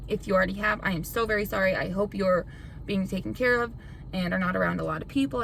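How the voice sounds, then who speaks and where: A woman's voice: medium pitch, creaky, fairly bright tone, a little hiss or hum, rough recording. A young woman YouTuber in a casual vlog rant, frustrated and defensive. She swears often and rambles with lots of "like". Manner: rambling with filler "like".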